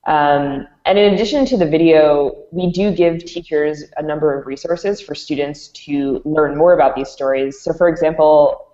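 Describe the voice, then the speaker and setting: A woman's voice: low-pitched, normal speed, few pauses, mellow. A woman presenting and explaining an educational product in an interview, with frequent ums. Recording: dull, echoey room audio.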